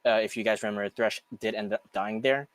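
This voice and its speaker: Low-voiced man, frank and rambling. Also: steady tone, brisk. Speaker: esports team player. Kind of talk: post-game interview, casual.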